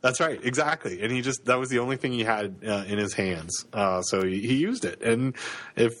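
A man's voice: mid-range voice, normal speed, a bit bright. A man in his thirties with a Canadian accent, co-hosting a podcast in casual chat, with many fillers and restarts. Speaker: podcast co-host.

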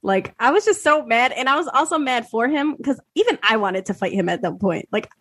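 A woman in her thirties co-hosting a podcast, telling an animated story with lots of swearing and acted-out quotes. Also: on the high side, a little fast, no room sound. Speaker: podcast co-host. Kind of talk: casual chat.

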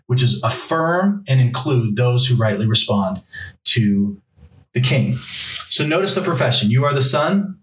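A man's voice: mid-range voice, lively intonation, unhurried. A male pastor preaching a sermon, reading Bible passages aloud and driving points home through emphatic repetition. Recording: roomy echo, mic from a distance.

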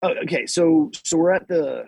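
Husky-voiced man telling a rambling story. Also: on the high side, normal speed, darkish tone, no echo, rough recording. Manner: rambling, many restarts and asides, laughing at his own story. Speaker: podcast guest, military service member. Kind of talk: casual anecdotal storytelling. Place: podcast recording.

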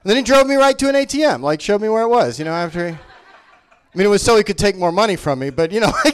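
A man's voice: sits high, animated, very fast, clear, resonant tone. A man does live stand-up into a handheld mic. He rambles with lots of energy and chuckles at his own jokes. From Memphis, Tennessee. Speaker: stand-up comedian. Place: small comedy venue on stage.

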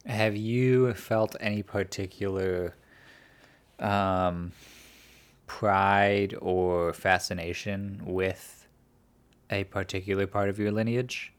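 A woman's voice: a bass voice, steady tone, slow pace. A woman hosting a podcast in casual chat, asking probing questions with dry quips. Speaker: podcast host.

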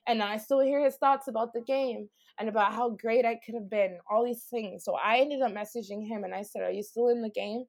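A woman tells her own story as an interview guest. She talks in a blunt, candid way, swears freely and fills her speech with "like." Her voice sits slightly high. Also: steady tone, brisk, hardly any pauses. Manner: blunt, profane, heavy use of "like".

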